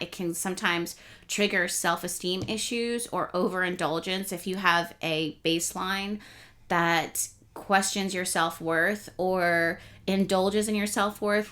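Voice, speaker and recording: Chatty woman astrology host, lowish voice. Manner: chatty, rambling, self-correcting; speeds up and rises in pitch when excited. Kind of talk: casual astrology talk to camera.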